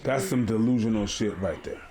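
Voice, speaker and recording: A man's voice: on the low side, fairly quick, warm tone, a little hiss or hum. A man co-hosting a podcast, arguing in a dismissive, profane way. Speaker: podcast co-host. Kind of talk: heated podcast debate.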